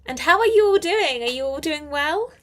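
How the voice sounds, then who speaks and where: A woman's voice: sits high, animated, normal speed, a bit bright. A young woman hosting a live English class, chatty and encouraging as she reads out viewers' comments. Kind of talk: live-stream English lesson.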